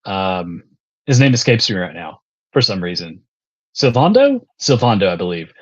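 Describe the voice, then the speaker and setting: A man chatting casually as a guest on a podcast, relaxed and swearing lightly, sometimes pausing to search for a word. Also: deep voice, dull audio.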